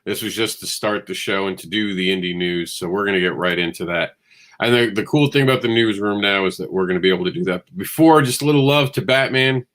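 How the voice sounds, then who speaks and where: A man's voice: fairly low pitch, fast, a bit bright. A man hosting a comics news show, rambling and enthusiastic with a self-deprecating streak. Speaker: host.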